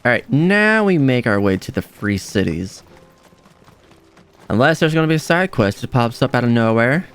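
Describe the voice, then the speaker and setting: A young man giving casual, excitable gameplay commentary, laughing often and exclaiming at the game. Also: mid-range voice, moderate pace, clear, resonant tone. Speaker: let's play gamer.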